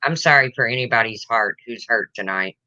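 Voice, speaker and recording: A woman's voice: rumbling low, a little fast, sharp tone, no echo, highs cut off. A woman hosting a casual livestream chat, emotional and reading viewer comments aloud. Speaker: livestream host.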